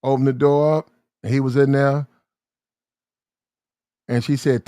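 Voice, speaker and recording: A man's voice: mid-range voice, little pitch movement, clear, resonant tone, no room sound, clean studio sound. A man in a casual monologue, rambling and repetitive in slangy street talk, often acting out heated arguments. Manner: quick shifts into acted-out shouting arguments.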